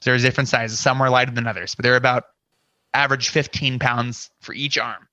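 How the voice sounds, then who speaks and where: Bright-voiced man telling a rambling story. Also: medium pitch, flat delivery, a little fast, no echo. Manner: rambling, full of "you know" and acted-out inner quotes. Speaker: podcast guest, scare actor. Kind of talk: casual interview storytelling.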